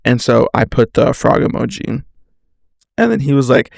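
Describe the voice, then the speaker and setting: On his podcast, a young male host tells a rambling story in a casual way, swearing, laughing, and saying "like" constantly. His mid-range voice is gravelly and sing-song at a moderate pace, captured in a dry, clean studio recording.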